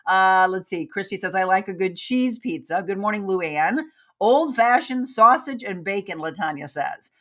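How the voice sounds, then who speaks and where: A woman's voice: mid-range voice, animated, moderate pace, fairly bright tone. A woman hosting a live show, chatting casually and upbeat while reading viewer comments aloud and talking straight to her audience. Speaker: livestream host.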